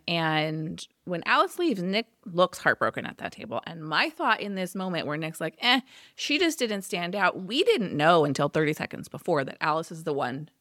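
Low-voiced chatty woman podcaster. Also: a bit bright, dry recording, studio quality. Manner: chatty, acts out quoted lines. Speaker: podcast co-host. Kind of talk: casual recap chat.

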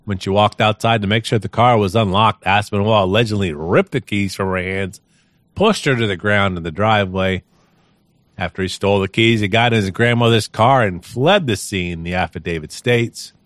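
A man's voice: lowish voice, normal speed, fairly bright tone, no room sound, clean studio sound. A man co-hosting a podcast, reading news stories aloud in a casual, amused way with frequent chuckles. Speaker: podcast co-host.

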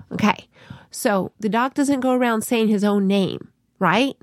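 On a recording free of room sound, a podcast co-host talks about her teaching approach at a measured pace. Her voice sits at medium pitch, and she keeps things casual, using playful short stories to explain.

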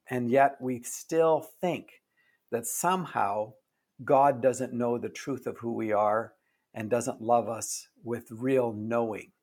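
An older man speaking as an author in an interview, telling stories earnestly and haltingly, often dropping his voice low and soft. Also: breathy edge. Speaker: author guest. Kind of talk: reflective interview talk.

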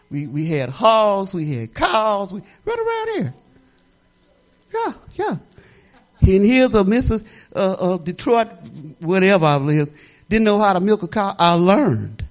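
Older woman pastor, folksy rambling sermon, chatty and laughing, very animated delivery. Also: mid-range voice.

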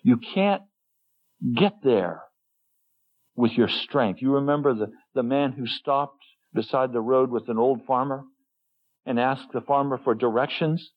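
A man preaching a sermon as pastor, earnest and gentle, lifting his voice when quoting others. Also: mid-range voice, measured pace, pauses often. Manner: gentle, earnest storytelling with sudden lifts for quoted voices. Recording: dull lo-fi sermon recording.

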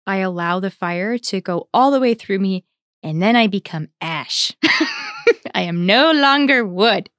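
This is a woman, a religious sister, talking through spiritual reading with a fellow sister. Her voice sits in a middle register and the recording is dry and close. She reflects out loud, pausing on fillers and laughing easily. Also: mid-range voice, expressive, dry recording. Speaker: religious sister, podcast co-host. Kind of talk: reflective conversational discussion.

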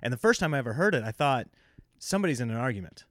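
A man's voice: mid-range voice, very animated, very fast, fairly bright tone, no echo, clean studio sound. A man hosting a casual podcast chat as a comedian, asking curious follow-up questions and telling stories.

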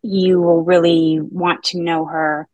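A woman co-hosting a book podcast, speaking in a measured way and wrapping up the show. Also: lowish voice, flat delivery, a little mellow, no echo. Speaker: podcast co-host. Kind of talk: casual book-club chat.

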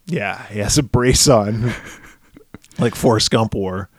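A man's voice: lowish voice, slow pace, dry recording, clean studio sound. A man co-hosting a podcast, casually recapping a horror movie with profanity and acted-out character voices. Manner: animated, profane, acts out characters in exaggerated voices. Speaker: podcast co-host.

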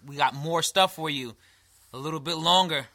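Bright-voiced joking New man. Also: a little high, normal speed, vocal fry. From New York. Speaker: podcast co-host. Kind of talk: casual chat.

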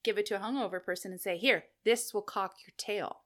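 A woman's voice: mid-range voice, brisk, fairly bright tone. A woman co-hosting a podcast, chatting casually, giggling and joking, and reading out a list. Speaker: podcast co-host.

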